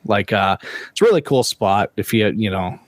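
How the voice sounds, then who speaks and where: A man co-hosting a podcast, telling stories in a loose, profane, animated way. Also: lowish voice, normal speed, no echo. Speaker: podcast co-host. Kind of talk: casual chat.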